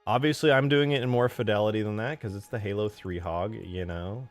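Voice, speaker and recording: A man streaming as he builds a game mod, chatting casually while he works. He mutters quietly as he models, then bursts out loudly to thank viewers. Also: fairly low pitch, brisk, soft background music.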